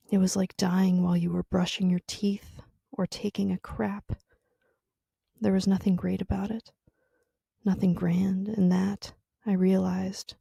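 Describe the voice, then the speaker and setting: A woman reading literary fiction aloud in a quiet, measured way that often drops to a whisper. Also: mid-range voice, gravelly, breathy edge, dry recording, studio quality. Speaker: reader.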